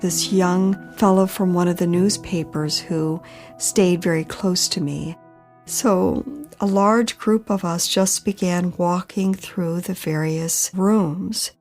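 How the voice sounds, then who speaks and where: A woman telling a personal story for a podcast in a slow, measured way, pausing often. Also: on the low side, steady tone, a little mellow, faint music behind. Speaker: storyteller recounting her own experience.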